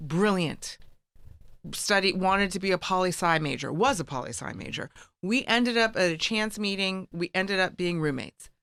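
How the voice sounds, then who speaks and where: A middle-aged woman from the United States, a guest in conversation, tells stories with lively quoted voices. Her voice is low-set yet bright and smooth, and the sound is close and dry. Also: moderate pace, dry recording. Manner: storytelling, acts out quoted voices. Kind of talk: casual chat.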